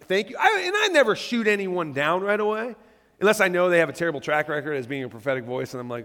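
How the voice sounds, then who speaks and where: Male pastor, high voice, chatty animated sermon, church hall reverb. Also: fast. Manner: conversational, animated, reads scripture aloud. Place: church stage.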